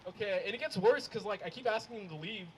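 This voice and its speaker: A man's voice: high voice, fast. A man performing a stand-up comedy set live, acting out family arguments with big swings in his delivery. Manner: animated, acts out family quarrels with big swings. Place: live comedy show before an audience. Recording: crowd laughter over a noisy live room.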